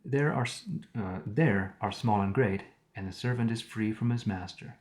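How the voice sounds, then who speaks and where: A man's voice: fairly low pitch, a little mellow. A man reading the Bible aloud on a live stream, stopping now and then to paraphrase old words and add his own comments. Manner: reads archaic text, pausing to paraphrase words and comment.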